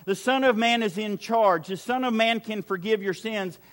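A man's voice: high-pitched, normal speed, fairly bright tone, long reverb tail. A man preaching a sermon as pastor, building his points through repeated phrases and acting out the lines he quotes. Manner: repetitive preaching cadence, acts out quoted lines. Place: large church hall with a crowd.

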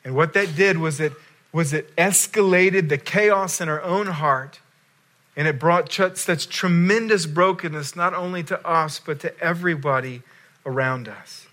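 Male pastor, sermon; slightly high, bright voice, moving between loud emphasis and hushed lines. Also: measured pace.

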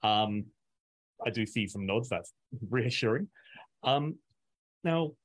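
A man's voice: lowish voice, animated, takes it slowly. A man moderating a panel discussion, polite and hesitant, with many fillers.

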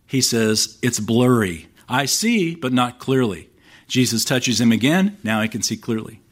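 A man of medium pitch preaching from the pulpit. He talks in a plain, conversational way, with dry humor in his asides. When he reads scripture he puts real emphasis on the questions. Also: measured pace. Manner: conversational, wry asides, lively quoting of scripture. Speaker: pastor. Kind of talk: sermon.

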